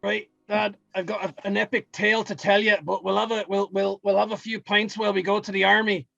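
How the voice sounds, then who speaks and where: A rambling dwarf prince in a tabletop game, with a high, gravelly voice and a sharp, bright edge. It is recorded dry on a slightly dull mic. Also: male voice, level tone, fairly quick, no echo, soft background music, full character voice. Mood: cheerful. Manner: rambling, jokey. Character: cheerful dwarf prince returning home.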